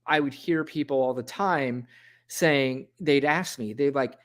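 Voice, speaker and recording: A man's voice: medium pitch, unhurried. A man co-hosting a podcast, speaking frankly and bluntly in casual chat. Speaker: podcast co-host.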